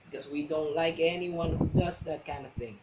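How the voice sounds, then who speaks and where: A swaggering, aggressive New York tough guy with a thick New York accent, as a man puts him on. The voice is pushed up higher and louder than his normal talk. Faint noise sits behind it. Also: steady tone, moderate pace, dull audio, natural voice. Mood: menacing.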